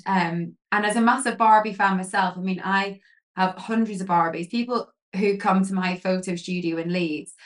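A woman guest chatting in an interview, telling lively stories full of fillers and acting out what people said. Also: medium pitch. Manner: lively storyteller, many fillers, acts out quotes. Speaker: guest, pageant queen and photographer. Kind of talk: casual interview chat.

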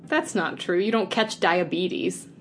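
A woman's voice: on the low side, sing-song, a little hiss or hum. A woman co-hosting a podcast, leading a word game in a playful, laughing way. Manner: playful, quick to laugh, bossy game-leader tone. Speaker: podcast co-host. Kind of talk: casual chat over a word game.

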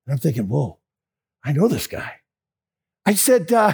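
Husky guy preaching, telling a story, voices jump all over, high pitched. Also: moderate pace, long pauses. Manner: animated, acts out both sides of conversations. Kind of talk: sermon storytelling.

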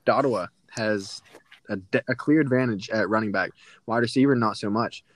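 A man's voice: lowish voice, moderate pace. A man hosting a casual podcast, methodically walking through rankings and numbers. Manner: methodical, reels off rankings and stats. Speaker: podcast host presenting matchups.

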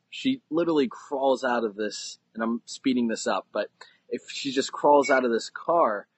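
A man's voice: medium pitch, slightly rough, no echo, low-quality recording. A man on a podcast, telling a personal story in an earnest, conversational way that builds suspense. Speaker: podcast guest.

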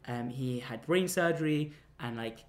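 A young man telling a casual anecdote, rambling and halting with many restarts and fillers. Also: mid-range voice. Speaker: storyteller.

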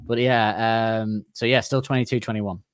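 A man's voice: on the low side, fairly even intonation, normal speed, clean tone, no room sound, studio quality. A man hosting a casual podcast quiz, teasing the players and laughing as he reads out questions.

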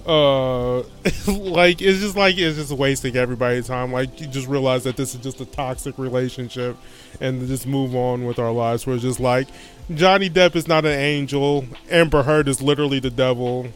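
A man's voice: mid-range voice, normal speed, soft background music. A man co-hosting a casual chat podcast, sarcastic and profane, rambling with lots of fillers. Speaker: podcast co-host.

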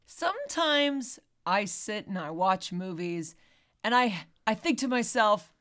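A woman's voice: mid-range voice, sing-song, slow, a bit bright. A woman co-hosting a casual movie podcast, talking candidly and swearing freely. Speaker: podcast co-host.

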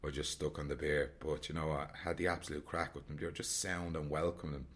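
A man's voice: rumbling low, level tone, quick pace, fairly bright tone. A man from Dublin with a Dublin Irish accent, chatting candidly and reflectively about travelling alone, rambling and repeating himself. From Ireland, Dublin. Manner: rambling, frank, repeats phrases. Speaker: solo traveller vlogger.

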